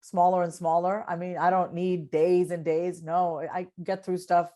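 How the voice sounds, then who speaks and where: A woman's voice: fairly low pitch, measured pace. A woman guest on a podcast talking casually and with energy, often repeating words as she builds a point. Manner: animated, repeats words when excited; coaches herself out loud. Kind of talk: casual conversation.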